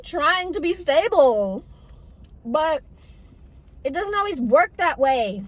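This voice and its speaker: A woman's voice: high voice, sing-song, takes it slowly, pauses often. A young woman rambling in a casual, self-mocking vlog while she eats, talking with her mouth full, in a parked car. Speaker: vlogger.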